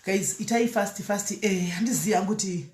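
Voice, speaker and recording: A woman's voice: mid-range voice, fairly quick, darkish tone, roomy sound. Chatty woman live-streaming. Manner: chatty, mixes Shona with English, laughs often. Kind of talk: casual live-stream chat, reading comments.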